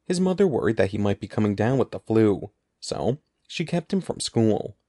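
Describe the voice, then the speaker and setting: Casting: expressive male storybook narrator, dark and gravelly, animated delivery. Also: fairly low pitch, normal speed. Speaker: audiobook narrator.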